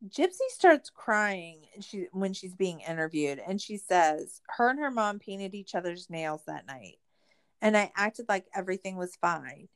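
This podcast host keeps a measured pace and lively intonation while casually summarizing a true-crime documentary. Sarcasm, swearing, and constant "like" fillers mark her speech, and her voice jumps up when she's exasperated.

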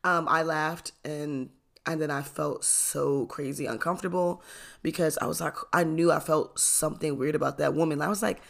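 Gravelly, chatty young storyteller. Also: mid-range voice, fairly even intonation, normal speed. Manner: chatty, lots of fillers, frequent laughs and swearing. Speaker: storytime vlogger. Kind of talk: casual storytime.

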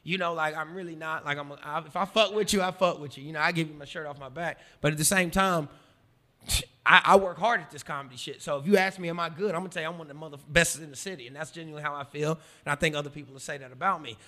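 American man, thirties, stand-up comic; quick, bright, swears freely, goes loud then hushed. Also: on the high side. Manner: animated, profane, swings from loud to quiet. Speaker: stand-up comedian. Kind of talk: casual storytelling in an interview.

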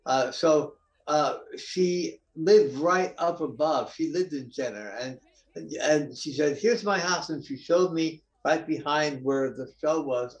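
A man, a musician guest in an interview, picking up a story in an easygoing way. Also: medium pitch. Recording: roomy, distant from the mic.

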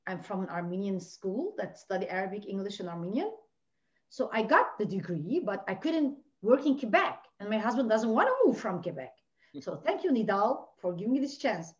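A woman from Lebanon, a podcast guest telling her personal story with passion, swinging between hushed and near-shouting. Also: medium pitch, sing-song, moderate pace. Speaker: podcast guest, life coach. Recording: dull lo-fi audio.

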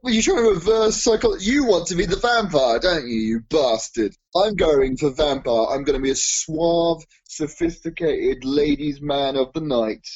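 A man's voice: on the high side, normal speed, hardly any pauses, darkish tone, husky. A man co-hosting a comedy podcast, riffing playfully and improvising absurd bits in casual banter. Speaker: podcast co-host. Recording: dull lo-fi recording.

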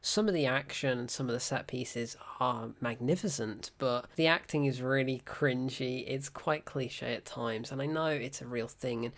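A man's voice: mid-range voice, moderate pace, few pauses, fairly bright tone. Sarcastic man reviewing a film. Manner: sarcastic, laughs often while talking.

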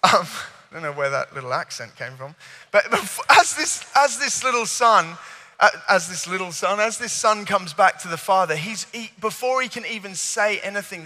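A man's voice: high voice, sharp tone. A man preaching at a youth service. He is eager and earnest and keeps stumbling into restarts. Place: large church hall. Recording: long hall reverb.

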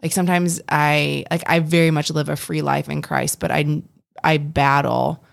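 A woman's voice: deep voice, flat delivery, moderate pace, vocal fry, no room sound, clean studio sound. A young adult woman co-hosting a casual faith podcast, earnest and rambling with frequent restarts. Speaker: podcast co-host.

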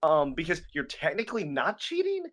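A young man talks casually on a podcast, his voice sitting a little higher than most men's. He rambles, circling back with fillers and restarts as he thinks aloud. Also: wildly swooping pitch, normal speed, a bit bright. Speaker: podcast co-host. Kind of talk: casual chat.

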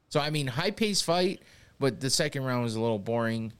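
A man hosting a casual fight watch-party podcast, cursing freely and laughing often as he comments. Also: medium pitch. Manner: profane, laughs often, jokey. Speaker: podcast host.

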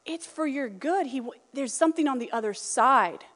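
A woman preaching a sermon in a conversational, animated way, acting out the voices she quotes. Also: sits high, moderate pace. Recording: reverberant hall.

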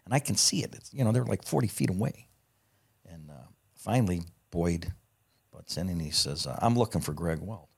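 Gravelly low-voiced man telling stories. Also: moderate pace. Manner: profane, animated anecdote teller. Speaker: guest. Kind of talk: casual storytelling.

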